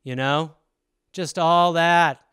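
A man hosting a comedy podcast, riffing alone in a rambling, profane, animated way. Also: fairly high pitch, slow pace, clean tone, no room sound, clean studio sound.

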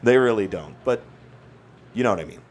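A man doing excited, jokey play-by-play commentary while playing a hockey video game. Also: on the low side, a little fast, slight background noise. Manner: excitable, jokey, bursts into shouts and laughs. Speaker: gaming YouTuber.

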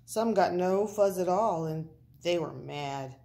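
A woman reading a children's picture book aloud, slow and playful with the words. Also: lowish voice, vocal fry. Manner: slow, expressive, playful wordplay. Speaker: storyteller.

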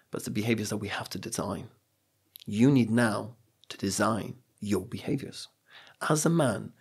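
A man's voice: mid-range voice, creaky, breathy edge. A middle-aged man with a British accent, talking earnestly on a podcast and telling stories with emphatic repetitions. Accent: British English. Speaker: podcast guest. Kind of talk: reflective podcast conversation.

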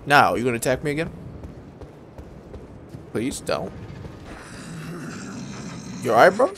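A young man giving casual, excitable, slangy commentary while playing a game, talking straight to the enemies he fights. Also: medium pitch, slow pace, slight background noise. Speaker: gaming video creator. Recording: voice over game music.

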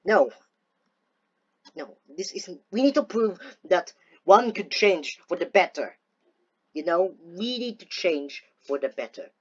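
A woman giving casual gameplay commentary, talking to herself excitedly and slipping into playful theatrical gloating. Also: on the low side, takes it slowly, pauses often, slightly rough, muffled recording. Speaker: gaming video host.

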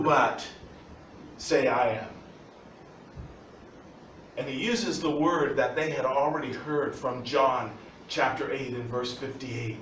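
Male pastor, higher voice, lively emphatic sermon; distant mic, faint room hiss. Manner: animated, emphatic preaching with laughs. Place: church sanctuary. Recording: echoey church from far off.

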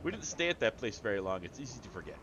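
A man streams a multiplayer game live, his low-leaning voice racing over dull audio and background noise. Excitable, he talks to his chat and friends, exclaiming and laughing often as he plays.

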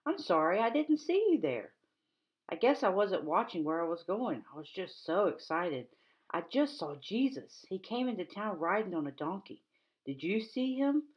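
A woman voicing an excited bystander in a Bible story, eager and breathless as she tells what she saw. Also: mid-range voice, normal speed, muffled recording, lightly acted. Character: excited bystander who just saw a parade.

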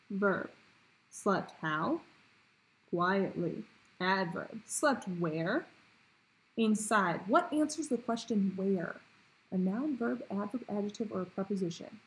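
A woman teacher talking pupils through a grammar worksheet in a clear, patient question-and-answer way. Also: medium pitch, low-quality recording. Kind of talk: recorded grammar lesson for pupils.

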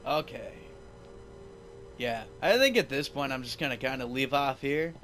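A young man riffing over a game he plays, sarcastic and freely cursing as he mocks the characters. His voice sits at an ordinary middle pitch, with faint game music under him. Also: lively intonation, moderate pace, fairly bright tone, low-quality recording. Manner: sarcastic, profane. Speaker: let's play host. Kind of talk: gameplay commentary.

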